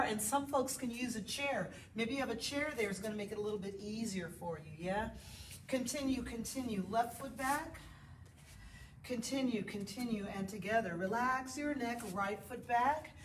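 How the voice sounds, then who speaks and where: A woman yoga instructor leads a live class, chatty and encouraging as she counts poses aloud, sometimes out of breath. Her medium-pitched voice comes from far away through a body mic that is at times distant, in an echoey room with faint noise.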